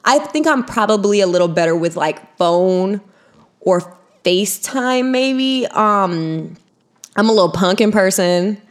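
A woman's voice: medium pitch, lively intonation, a little slow. A woman co-hosting a podcast, talking in a blunt, profane, storytelling way in casual chat. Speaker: podcast co-host.

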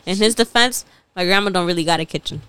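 Smooth-voiced young woman chatting. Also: fairly low pitch, fast talker, fairly bright tone, no room sound. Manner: chatty, laughs while telling family stories. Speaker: podcast co-host. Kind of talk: casual chat.

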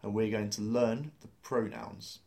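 A man's voice: lowish voice, fairly even intonation, a little slow, vocal fry, darkish tone. A man teaching a beginner language lesson, explaining grammar step by step and spelling out words letter by letter.

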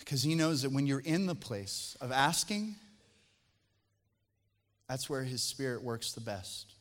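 A man preaching a sermon as pastor, talking conversationally and telling jokey family stories before dropping into soft, earnest appeals. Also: medium pitch, expressive, a little slow. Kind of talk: sermon with humorous family anecdotes. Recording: long hall reverb.

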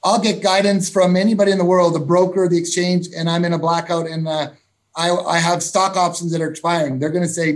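A man's voice: high-pitched, brisk. Upbeat man, a mining executive. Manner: animated, repetitive, emphatic. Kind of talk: enthusiastic interview answers.

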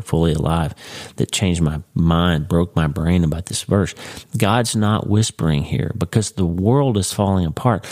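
A man's voice: low-pitched, normal speed, darkish tone. A man hosting a podcast, giving an earnest, encouraging devotional talk and calling the listener friend. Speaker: podcast host.

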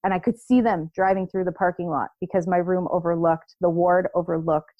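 Woman, 30s, casual chat, animated storytelling, lowish voice, dry close sound. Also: fairly quick, no room sound, phone-quality sound. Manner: animated storytelling, acts out quoted voices, laughs. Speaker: podcast co-host.

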